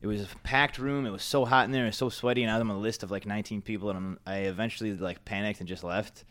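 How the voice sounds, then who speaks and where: A man telling a story on a talk show in a casual, animated, self-mocking way, often laughing at himself. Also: lowish voice, rapid-fire, dry recording. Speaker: podcast guest.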